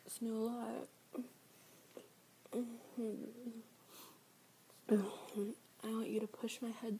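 A young woman voicing a teasing, foul-mouthed young fast-food worker in an adult audio role-play, often dropping into a breathy whisper. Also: mid-range voice, warm tone, slight background noise. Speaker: voice actor.

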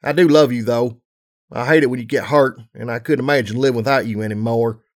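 A man voicing a weary mother mare pony, gruff but loving, in a low tired plain delivery. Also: fairly even intonation, fairly quick, natural voice.

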